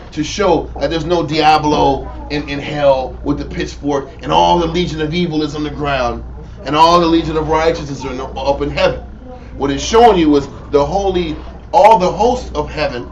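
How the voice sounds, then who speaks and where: A man leading a bible study, teaching emphatically and prompting the reader with "Read on" and "Right?". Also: fairly high pitch. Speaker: teacher leading a scripture reading. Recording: dull lo-fi audio with faint noise.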